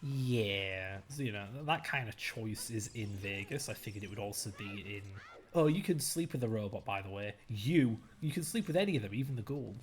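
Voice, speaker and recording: A young man chatting casually while streaming a game, animated and jokey, ranting and mocking himself. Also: on the low side, moderate pace, slight background noise. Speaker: stand-in streamer. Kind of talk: casual gameplay stream chat.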